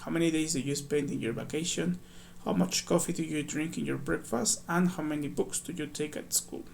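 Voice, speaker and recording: Male ESL teacher, gravelly, slightly high voice, patient step-by-step workbook walkthrough, faint hiss behind. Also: fairly even intonation, fairly quick. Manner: patient, explains step by step, reads examples aloud. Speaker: English teacher.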